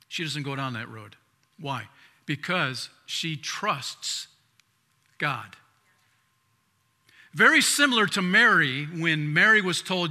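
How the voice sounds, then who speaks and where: A male pastor preaching with a very bright, forceful tone and a voice pitched a little high for a man. He talks conversationally, restarting words, and moves between loud emphatic lines and hushed asides. The sound carries a long hall reverb. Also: lively intonation, a little slow, pauses often. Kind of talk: sermon.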